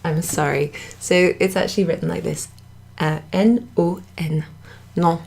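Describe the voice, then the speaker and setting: A woman from the United Kingdom teaches beginner French in a pub's indoor room, chatting along, fixing her own mistakes and laughing at them. She speaks a little slowly in a steady tone, her fairly low voice creaky, husky and a little mellow.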